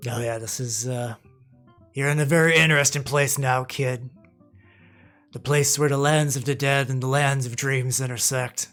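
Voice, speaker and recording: A man doing a gruff ghostly vampire. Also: medium pitch, fairly even intonation, moderate pace, fairly bright tone, soft background music, close to an everyday voice. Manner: blunt and streetwise, calls the listener kid. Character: gruff ghostly male vampire, a head on a phantom body.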